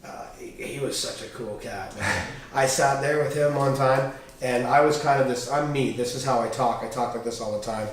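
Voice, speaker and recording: Here a man with a mid-range voice speaks at normal speed, recounting candid stories from his life as a guest on a podcast. He's animated, swears, and voices the dialogue he quotes, all captured by a distant mic in an echoey space.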